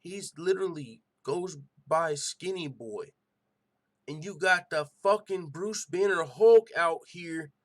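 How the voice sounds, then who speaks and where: A man's voice: on the high side, takes it slowly. Fired-up, profane man hosting an MMA show. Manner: animated, profane, excitable rants. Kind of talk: casual podcast commentary.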